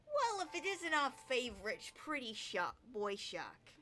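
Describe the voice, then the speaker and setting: A woman's voice: high-pitched, wildly swooping pitch, a little slow, bright, forceful tone, voice pushed up, full character voice. A woman voicing a mischievous sea tormentor with a mocking, sing-song manner.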